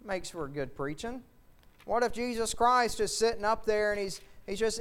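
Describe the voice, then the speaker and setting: Fervent high-voiced male preacher. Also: moderate pace, smooth. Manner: fervent, rising to loud shouts at peaks. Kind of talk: sermon.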